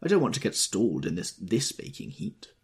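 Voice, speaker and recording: A man's voice: on the low side, wildly swooping pitch, fairly quick, a little mellow, pitched above the performer's own voice, full character voice. Man doing an arrogant, brusque rich man. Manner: rough, contemptuous. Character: arrogant brash wealthy man, impatient bully.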